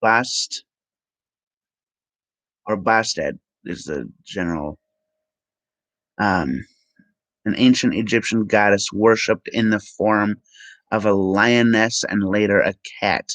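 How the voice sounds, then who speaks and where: A man vlogging and reading aloud from the screen, halting with ums and self-corrections. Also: on the low side, fairly bright tone, no room sound, low-quality recording. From Minnesota. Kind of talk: reading aloud from web pages.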